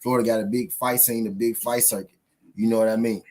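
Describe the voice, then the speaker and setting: A man hosts a casual boxing talk stream, swearing freely, addressing his viewers directly and reading a news article aloud. His voice is fairly low, slightly mellow and fairly even in intonation, and he talks fast.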